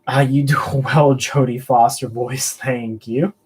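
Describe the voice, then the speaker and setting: A man's voice: medium pitch, steady tone, slow pace, a little mellow, husky. A man hosting a casual live stream, joking around and answering viewer chat in a rambling way. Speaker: host of a collectibles live stream.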